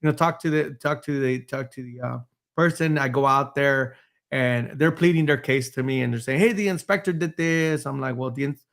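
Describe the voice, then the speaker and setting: A man's voice: medium pitch, normal speed, creaky, a bit bright. A man hosting a panel talk on code enforcement, rambling with many restarts and the occasional laugh. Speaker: host, building official. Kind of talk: panel discussion.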